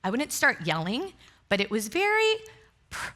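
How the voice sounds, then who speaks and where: A woman's voice: on the high side, huge pitch swings, moderate pace, bright, forceful tone. A middle-aged woman pastor giving a sermon, telling candid, self-deprecating stories to a congregation. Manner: candid, self-deprecating storytelling with frequent laughter. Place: church sanctuary before a congregation.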